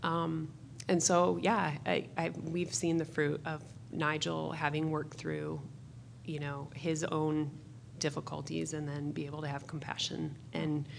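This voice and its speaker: A woman's voice: low voice, level tone, measured pace, vocal fry, slight background noise. A woman in the audience, a mother, earnestly telling a story about her family with many fillers. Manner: earnest, many fillers, mimics children's voices.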